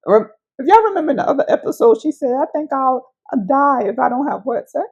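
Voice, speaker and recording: A woman's voice: sits high, expressive, fast talker, darkish tone, muffled recording. A woman co-hosting a podcast, teasing her friend in casual, playful chat. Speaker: podcast co-host.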